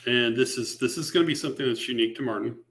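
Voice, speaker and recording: Featured at a virtual meetup held over a video call and streamed live, a man presents a software library by talking through code, chatty and unscripted. His medium-pitched voice is bright and forward, and he speaks rapid-fire, stumbling over fillers and restarting mid-explanation. Dry, mildly sarcastic remarks slip in now and then.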